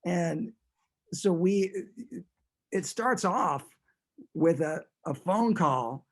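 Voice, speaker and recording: A man's voice: a little high, lively intonation, very slow, pauses often. Rambling man telling stories. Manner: rambling, amused, with frequent restarts. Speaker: guest. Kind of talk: casual interview storytelling.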